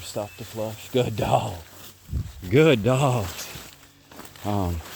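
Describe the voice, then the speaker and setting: Walking through the woods and narrating to camera, a man with a fairly low voice trains bird dogs, explaining as he goes, praising them, and calling to them loudly. The outdoor field recording is noisy, with birds and other outdoor sounds behind him.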